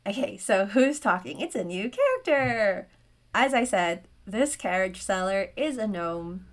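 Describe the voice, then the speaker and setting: A woman's voice: mid-range voice, sing-song, measured pace. A woman narrating a solo tabletop game as game master, with chatty, self-aware asides.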